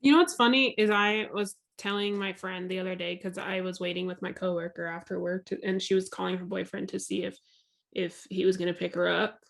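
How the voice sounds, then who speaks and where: A young woman co-hosting a podcast in casual chat, telling chatty stories and laughing loudly. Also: on the low side, little pitch movement, fairly quick, gravelly. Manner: chatty storyteller, loud laugh. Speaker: podcast co-host.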